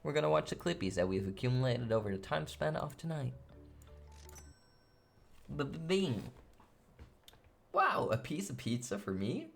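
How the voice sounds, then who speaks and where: A man chatting casually on a live stream, playful and goofy, swinging between loud bursts and soft asides. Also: medium pitch, sing-song, normal speed, creaky, pauses often, soft background music.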